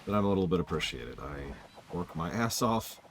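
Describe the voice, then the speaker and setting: A man's voice: low-pitched, expressive, moderate pace, background noise. A man giving casual live commentary while he plays a video game, rambling, correcting himself and talking to himself as he looks for his way. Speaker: game streamer.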